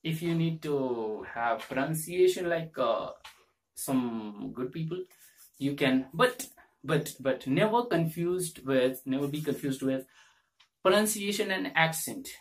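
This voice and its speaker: A man's voice: on the high side, animated, takes it slowly, recorded from a distance. A young Indian man with an Indian English accent teaching pronunciation in a casual lesson, repeating drill words over and over.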